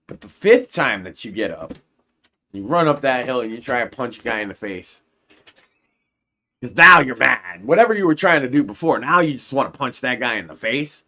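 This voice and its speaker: A man co-hosting a casual live stream, spinning a crude, rambling story that piles one mishap on another. His voice sits at an ordinary middle pitch. He talks loosely, with the easy swagger of someone riffing for chat. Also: pushed and bright. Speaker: stream co-host.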